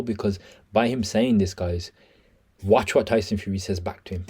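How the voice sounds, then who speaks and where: A man giving reaction commentary, excitable and breaking into impressions of the fighters' lines. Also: fairly low pitch, brisk, slightly rough.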